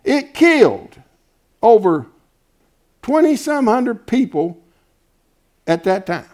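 A man preaching a folksy sermon, swinging from hushed asides to shouting. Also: very high-pitched, big pitch swings, slow.

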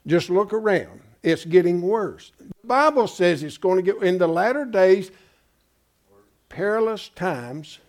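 A man's voice: sits high, expressive, unhurried. A pastor preaching in an emphatic, folksy way, asking his congregation rhetorical questions. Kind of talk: sermon.

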